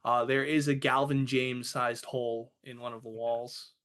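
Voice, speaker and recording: A man's voice: mid-range voice, flat delivery, normal speed, a bit bright, clear, resonant tone. A man narrating a tabletop game as game master, often laughing as he describes scenes.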